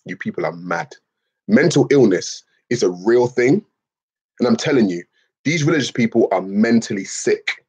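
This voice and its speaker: A man streaming to his chat in a casual, profane rant, animated and repeating his points. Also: medium pitch, normal speed, breathy edge, dull audio.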